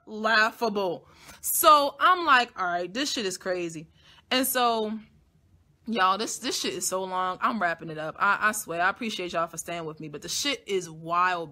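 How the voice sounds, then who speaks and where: A woman with a bright, sharp-edged voice hosts her own live stream and tells a long personal story straight to her listeners. She talks bluntly, swears constantly, and moves from quiet asides to loud, emphatic outbursts. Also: mid-range voice. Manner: blunt, heavily profane, emphatic; animated, swings from soft to loud. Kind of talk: casual storytelling monologue.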